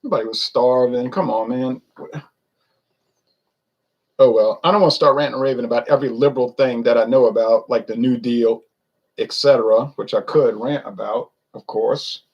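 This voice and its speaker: A man's voice: medium pitch, a little fast, breathy edge, lo-fi sound. A man ranting in a casual monologue, opinionated and rambling, full of rhetorical questions. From United States. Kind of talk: casual rant to camera.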